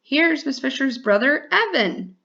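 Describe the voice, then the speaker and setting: A woman teacher speaks to young children in a slow, clear, sing-song voice, stretching out her words. Her voice sits a little high. The recording sounds dull and lo-fi, like a simple home setup. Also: very animated, bright, forceful tone. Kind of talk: classroom lesson for children.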